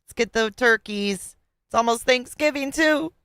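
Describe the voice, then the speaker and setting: A woman's voice: on the high side, a little slow, heavy background noise. A woman hosting a live reaction stream, amused and playful as she thanks viewers and reads their comments. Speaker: livestream host.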